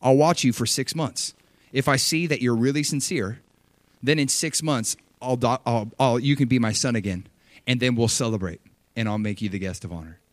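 A man's voice: mid-range voice, normal speed, dry recording, close to an everyday voice. A man voicing a grudging father who haggles and hesitates over taking his son back. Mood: bargaining.

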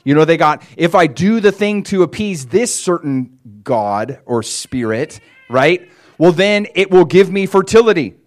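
A man preaching a sermon in an animated way, acting out quoted voices as he retells stories. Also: a little high, a little slow. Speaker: pastor.

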